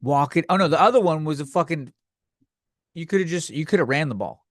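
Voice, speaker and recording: Young guy ranting on his comedy podcast, kinda high voice, swearing and fed up, dead dry sound. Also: expressive, brisk, no echo. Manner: profane, exasperated ranting. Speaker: podcast host.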